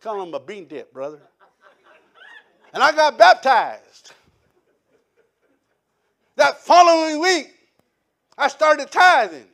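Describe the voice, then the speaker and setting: High-voiced man preaching a lively testimony. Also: takes it slowly, gravelly, pauses often. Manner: animated storytelling with quoted voices. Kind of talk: sermon testimony.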